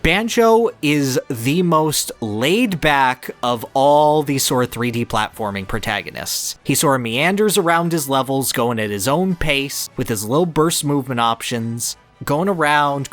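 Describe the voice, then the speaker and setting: A man's voice: a little high, lively intonation, unhurried, few pauses, a bit bright, faint music behind. A man in a casual game discussion who lays out his views with passion and analysis. His talk flows in long, eager runs of opinion, stacked point upon point. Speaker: podcast co-host.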